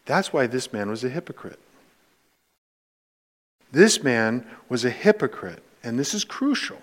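A man's voice: medium pitch, sing-song, measured pace. A man preaching a sermon to his congregation, emphatic and direct, asking rhetorical questions. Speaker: pastor.

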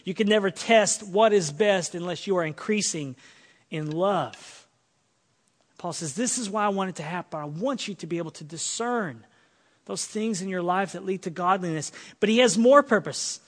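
A male pastor preaching an earnest sermon, swinging between loud emphatic lines and soft quiet ones. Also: sits high, moderate pace, in a large hall.

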